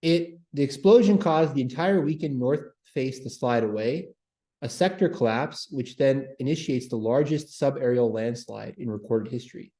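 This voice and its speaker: A man's voice: mid-range voice, moderate pace, warm tone, roomy sound. A man hosting a history livestream, chatting with viewers and repeating words as he talks. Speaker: host. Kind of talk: livestream history talk, reading chat.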